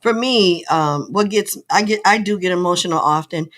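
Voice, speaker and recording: An older woman hosting a talk show, speaking in an earnest, heartfelt way and slowing down on emotional points. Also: fairly low pitch, fairly bright tone. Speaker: host. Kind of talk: casual talk show chat.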